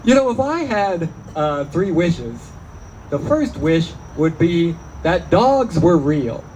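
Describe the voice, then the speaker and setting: High-voiced man doing stand-up. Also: slow, a little hiss or hum, rough recording. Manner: deadpan, self-mocking, jumps into quoted voices. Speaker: stand-up comedian. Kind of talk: stand-up comedy set. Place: small venue, live audience.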